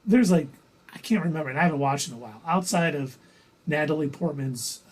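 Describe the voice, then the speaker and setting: A man's voice: fairly high pitch, fairly quick, breathy edge, rough recording. A man co-hosting a casual pop-culture discussion, chatty and loose with lots of fillers. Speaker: podcast co-host.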